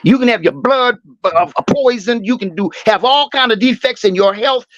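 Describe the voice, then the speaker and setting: A man's voice: very high voice, moderate pace, a bit bright, no echo. A man co-hosting a boxing talk show, rambling and profane, full of fillers and emphatic asides. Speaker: boxing podcast co-host. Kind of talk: heated casual boxing talk. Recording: dry, slightly dull sound.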